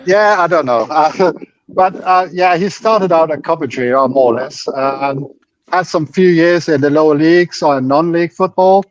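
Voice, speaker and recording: A man on a podcast panel who talks loudly and casually. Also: a little high, moderate pace, dull audio. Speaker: panel guest.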